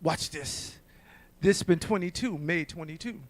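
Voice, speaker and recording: A man's voice: a little high, a little slow. A man in his sixties giving an emphatic church testimony as a preacher, repeating himself and calling out to the congregation. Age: 60s. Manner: emphatic, repetitive, calls out to the congregation.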